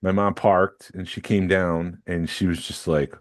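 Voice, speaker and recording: A man with a very deep voice tells stories in relaxed podcast conversation. His delivery is easygoing and reflective. The recording is dry and close. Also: unhurried, dry recording. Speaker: podcast co-host. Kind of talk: casual chat.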